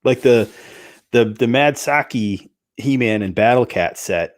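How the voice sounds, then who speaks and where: A man's voice: medium pitch, measured pace. A man co-hosting a casual podcast chat, laid-back and wry, sighing now and then. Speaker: podcast co-host.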